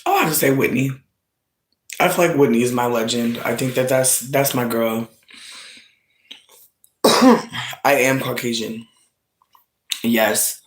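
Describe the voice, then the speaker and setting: A man's voice: mid-range voice, slow pace, long pauses. A young man who is sick, hosting a casual livestream chat in a sassy, joking, slang-heavy way. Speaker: livestream host.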